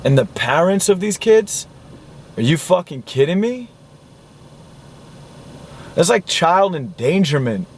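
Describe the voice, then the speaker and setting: A man's voice: a little high, big pitch swings, slow pace, long pauses, a little hiss or hum. A man ranting angrily about a film he watched, swearing often, sounding disgusted and repeating himself. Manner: profane, indignant, repeats himself. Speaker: vlogger reviewing a film. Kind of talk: angry film rant.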